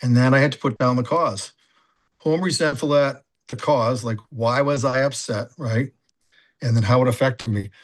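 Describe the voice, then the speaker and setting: A man in his sixties, a sponsor and coach, telling his recovery story candidly, halting often with fillers and restarts. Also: medium pitch. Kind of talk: personal testimony, casual and confessional.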